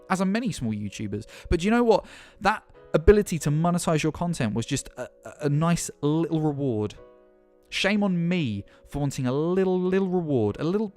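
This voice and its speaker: A man's voice: on the high side, a little mellow. Angry ranting man, faint music behind. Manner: angry, impassioned, sarcastic, swears. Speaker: gaming YouTuber. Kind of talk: ranting vlog commentary.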